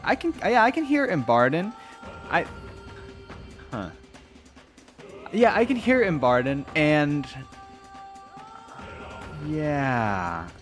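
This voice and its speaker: A man's voice: fairly high pitch, sing-song, takes it slowly, long pauses, soft background music. A man streaming a game, chatting casually, reading on-screen text aloud and musing as he plays. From United States. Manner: muses aloud, reads game text and trails off. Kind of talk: casual gameplay commentary.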